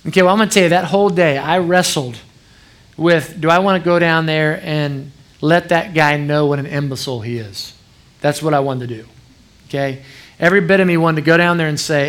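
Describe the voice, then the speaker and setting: A man's voice: a little high, brisk, a bit bright. A middle-aged man preaching a sermon as pastor, telling stories in a conversational way with frequent asides to the congregation.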